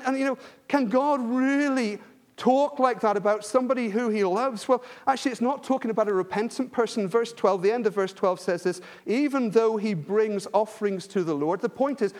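Male preacher, high-pitched, earnest and emphatic sermon delivery. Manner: earnest, repetitive emphasis with frequent restarts.

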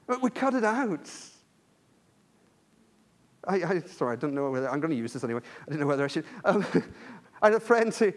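Male preacher, high-pitched, earnest and emphatic sermon delivery. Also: sing-song, a little fast, pauses often. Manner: earnest, repetitive emphasis with frequent restarts.

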